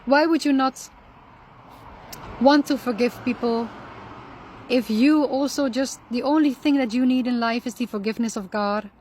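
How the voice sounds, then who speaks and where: A woman giving calm, earnest spiritual advice on anger and forgiveness, repeating her key phrases for emphasis. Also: a little high, moderate pace, pauses often, a little hiss or hum. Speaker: Islamic lifestyle speaker. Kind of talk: reflective spiritual advice talk.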